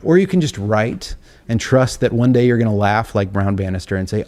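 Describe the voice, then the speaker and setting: On stage before a live audience, a middle-aged man who writes songs and books tells a wandering, self-mocking story as an interview guest. He speaks fairly quickly and expressively, with a fairly low, darkish voice.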